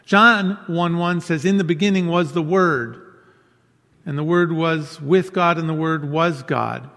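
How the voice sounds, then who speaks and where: A man's voice: a little high, a little slow, creaky, a bit bright. A man preaching a sermon in an earnest way, repeating key phrases for emphasis. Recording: long hall reverb.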